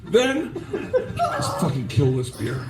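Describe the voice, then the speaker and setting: A man's voice: a little high, huge pitch swings, slow, echoey room, distant mic. A man doing stand-up storytelling, rowdy and swearing, acting out the people he quotes. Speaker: stand-up comedian.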